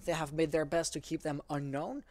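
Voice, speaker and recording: A male esports caster calling a live match, talking in a halting way, often stopping to correct himself. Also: fairly high pitch, fairly even intonation, darkish tone, slight background noise. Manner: halting, self-correcting, apologizes for stuttering.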